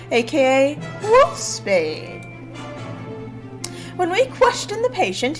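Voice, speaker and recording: Cheerful young male bird sidekick for a game, read by a woman; chirpy, lively, eager. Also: high-pitched, full character voice, rough recording. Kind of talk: reading game dialogue aloud.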